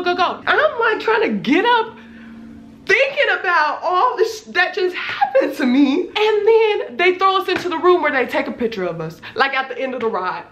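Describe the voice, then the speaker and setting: A woman in her twenties, a little hoarse, retelling a scary experience in a casual, animated storytime vlog, swearing freely. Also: high-pitched, roomy sound. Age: 20s. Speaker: vlogger.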